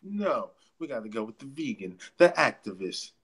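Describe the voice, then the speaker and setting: A man co-hosting a casual podcast chat, ranting loudly and joking as he talks. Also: medium pitch, very animated, normal speed. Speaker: podcast co-host.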